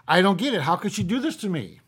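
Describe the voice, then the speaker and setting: A man voicing an indignant, betrayed businessman in a told joke, his voice raised and a bit louder. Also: high-pitched, very animated, fast talker, breathy edge, pitched above the performer's own voice, heavily acted.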